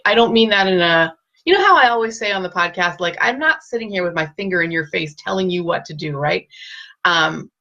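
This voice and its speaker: A woman hosting a casual live-stream with parenting advice, speaking gently and reassuringly and greeting viewers by name. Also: medium pitch, lo-fi sound.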